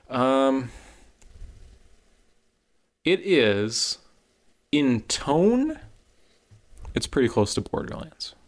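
Animated rambling man on a podcast. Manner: animated, rambling, swings high when excited. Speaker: podcast co-host. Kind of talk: casual chat.

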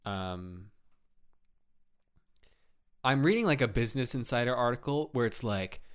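A man co-hosting a casual podcast chat, sarcastic and rambling, swearing freely. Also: medium pitch. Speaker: podcast co-host.

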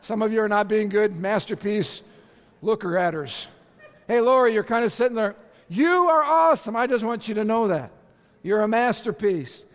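Preaching a sermon to his congregation, a male pastor uses a high, bright voice, speaking with energy at a moderate pace. He drives his points home, sometimes shouting, and throws in playful asides, all ringing with the long reverb of a large church hall.

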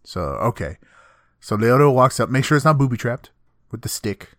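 A man's voice: mid-range voice, moderate pace, no room sound, studio quality. A man co-hosting a casual podcast chat, recapping anime episodes in a loose, profane way. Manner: loose, profane, acts out characters in a flat voice. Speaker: podcast co-host.

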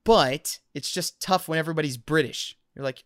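A man co-hosting a casual podcast, ranting in an animated way and laughing at his own frustrations. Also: fairly high pitch, normal speed, dry recording, clean studio sound. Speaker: podcast co-host.

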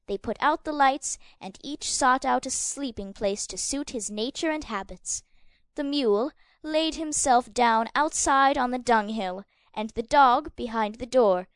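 A woman with a high, smooth and clear voice reads a fairy tale aloud as the narrator. Her delivery is measured and expressive, close to the mic with a dry, studio-like sound. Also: no echo. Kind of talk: scripted storybook narration.

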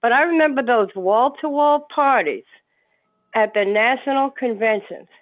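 Woman on a call, emotional tribute, slightly high voice, phone-quality sound. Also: animated, normal speed. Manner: heartfelt, rambling. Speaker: meeting participant. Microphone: video call. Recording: tinny phone-like call audio.

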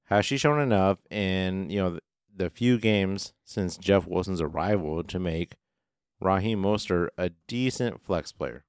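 Low and smooth, this man's voice moves a little slowly as he co-hosts a fantasy football podcast. He chats casually about sports, swearing now and then and drawing analogies from office life. The recording is dry, with clean studio sound.

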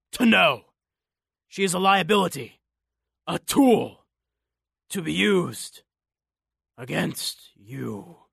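A menacing Cyclops giant, put on by a male narrator, taunting in a rasping voice that drags its words out slowly. The sound is close and dry, with a slightly raised pitch for a man. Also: fairly bright tone, no echo, heavily acted. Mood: rasping menace.

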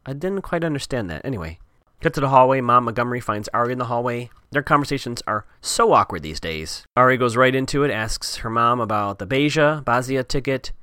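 A man's voice: mid-range voice, expressive, brisk, bright, forceful tone, clear, resonant tone, no echo, studio quality. A man giving a chatty, wry recap of a TV episode with sarcastic asides.

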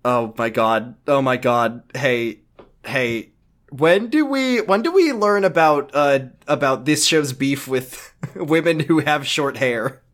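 A young man in his twenties co-hosts a casual podcast, recapping a show with quick jokes and mocking asides. His voice sits in a middling register and he talks in an easygoing, conversational way. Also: medium pitch, fairly bright tone. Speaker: podcast co-host. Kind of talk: casual comedic recap chat.

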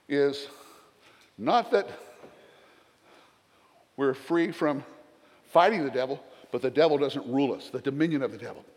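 A man's voice: mid-range voice, a little mellow, in a large hall. An older man with a Southern accent, a retired pastor preaching a sermon in a church with folksy, joking asides.

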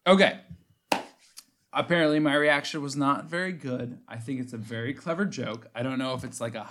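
A man's voice: mid-range voice, a little fast, fairly bright tone. A man with an ordinary mid-range voice, chatting casually on a podcast. He teases his co-host with a dry humor and laughs easily. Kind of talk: casual chat.

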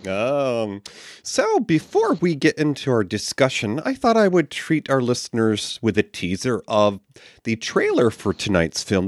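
A man co-hosting a film podcast, telling stories in a lively, animated way. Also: medium pitch. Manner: lively storytelling, animated rises. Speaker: podcast co-host. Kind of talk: casual chat.

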